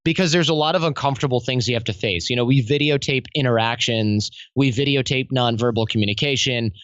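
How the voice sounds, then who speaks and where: A man talking as a guest in a casual podcast interview, telling stories in a lively, slangy way. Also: mid-range voice, fast talker, no room sound, lo-fi sound. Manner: animated, slangy storytelling. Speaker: podcast guest, self-development coach.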